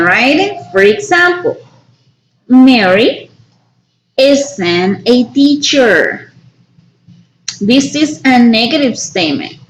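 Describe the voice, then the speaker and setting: A woman teaching an English grammar lesson, her voice sitting a little high. She explains each step slowly and checks in with the class again and again. The room rings with a clear echo. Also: fairly bright tone, a little hiss or hum. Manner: slow, explanatory, frequent tag "right?". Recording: echoey room.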